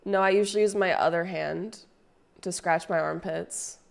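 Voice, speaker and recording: Young woman streamer, low-pitched voice, loose crude rambling chat with her viewers. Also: fairly even intonation, moderate pace, gravelly. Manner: rambling, crude and playful, reads chat aloud.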